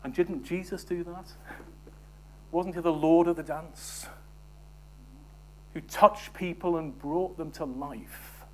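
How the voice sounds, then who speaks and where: A man preaching a sermon, moving from emphatic scripture reading to soft, almost whispered asides and questions to the congregation. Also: fairly high pitch, steady tone, takes it slowly, pauses often, slight background noise.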